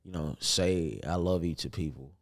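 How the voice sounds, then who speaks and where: A man's voice: deep voice, moderate pace. A young man, a comedian, telling stories in a casual podcast chat, playful and laughing often. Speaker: comedian guest.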